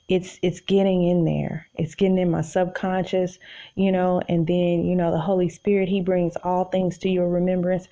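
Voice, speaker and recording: Lying in bed at home, a woman hosts a podcast about faith in a chatty, y'all-filled style. She speaks in a dark, lower voice, and the audio sounds dull.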